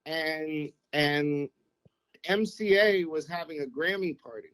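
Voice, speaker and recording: A middle-aged man, a former radio programmer, telling anecdotes on a podcast in an animated, casual way. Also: a little high, takes it slowly, low-quality recording. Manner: animated anecdote-telling, acts out quotes, keeps saying "you know what I mean". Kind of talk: casual storytelling.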